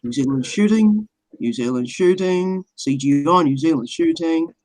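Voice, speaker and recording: A woman putting on a deep, mocking voice of a pompous male online show host. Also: moderate pace, dark tone, natural voice, low-quality recording.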